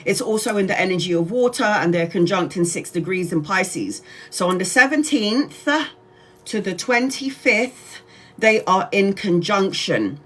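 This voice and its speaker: A woman in her forties hosting a casual tarot livestream. She talks in a loose, chatty way, swears freely and breaks into laughs. Her pitch sits in the middle for a woman. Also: lively intonation, a little slow, fairly bright tone. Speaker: tarot reader.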